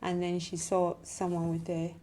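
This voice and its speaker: A woman's voice: on the low side, completely flat delivery, moderate pace, warm tone, slight background noise. A woman from Ghana, a mother, chatting in a group discussion and often voicing agreement. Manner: affirming, frequent agreement.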